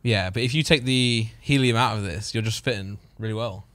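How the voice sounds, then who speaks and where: Co-host: man, mid-pitched, rapid, supportive chatter. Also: fairly bright tone, no echo. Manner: quick, encouraging interjections. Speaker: podcast co-host. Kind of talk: casual podcast chat.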